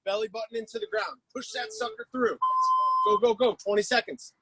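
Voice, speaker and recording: A man's voice: very high voice, steady tone, fairly quick, very noisy. A man coaching a live-streamed workout class, calling out exercises, cues and countdowns with lots of energy. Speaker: fitness coach.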